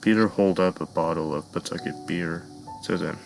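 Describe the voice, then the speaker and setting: A man narrating a dark fan-made cartoon story in a measured storytelling voice, sometimes addressing the listeners. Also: deep voice, steady tone, vocal fry, noisy background.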